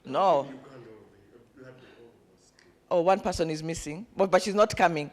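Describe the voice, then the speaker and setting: A woman's voice: lowish voice, a little slow. A woman, coaching a summit session in a conference room and getting the audience to repeat words after her. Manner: animated, calls on the audience to repeat words, counts attendees. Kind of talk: lively live event hosting.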